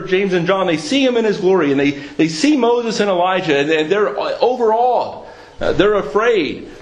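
Earnest male preacher in an echoey room. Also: fairly high pitch. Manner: earnest, questioning, with frequent restarts. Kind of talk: sermon.

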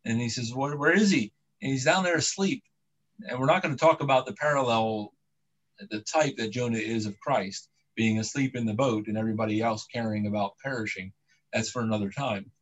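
A man's voice: mid-range voice, a little fast, low-quality recording. A man preaching a sermon, retelling the story in a casual, conversational way with asides and restarts.

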